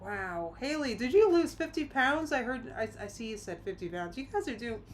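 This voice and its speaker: A woman's voice: a little high, normal speed, slight background noise. A woman hosting a live react stream, chatting casually, exclaiming and reading out viewer comments. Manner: animated, exclaiming, reads chat aloud.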